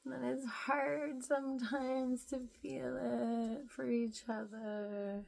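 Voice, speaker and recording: Slow-talking, musing woman in her thirties. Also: sits high, little pitch movement, creaky. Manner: meandering, heavy use of "like", soft musing tone. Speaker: spiritual vlogger. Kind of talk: casual rambling monologue.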